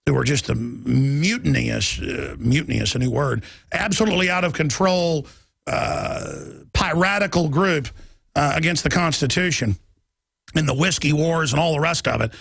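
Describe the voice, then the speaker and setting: Middle-aged male radio host, raspy edge, fast fiery monologue, dry studio mic. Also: on the high side, fairly bright tone, no echo. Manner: heated, rapid, ranting delivery. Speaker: radio talk show host. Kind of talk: political talk radio monologue.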